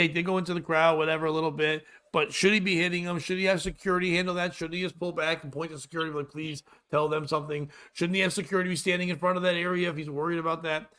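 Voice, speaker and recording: A man in his forties, a podcast host, ranting crudely and loudly in comedic chat. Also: a little high. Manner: profane, loud, animated ranting.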